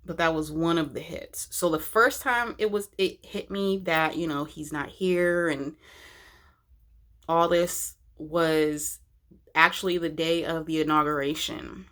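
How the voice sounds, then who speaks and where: A woman talks straight to her viewers in a personal vlog, slow and unhurried, with a somewhat low voice. Her delivery is emotional and halting, full of restarts and trailing phrases, with a tearful edge. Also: steady tone, a bit bright. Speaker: vlogger.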